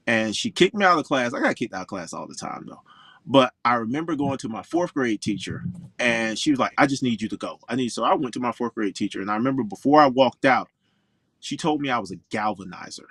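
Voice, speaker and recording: A man's voice: mid-range voice, quick pace, husky, no echo. Outspoken man from Florida, dry sound. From Orlando, Florida. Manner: outspoken, emphatic, animated storyteller. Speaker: pro golfer guest. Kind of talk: interview storytelling.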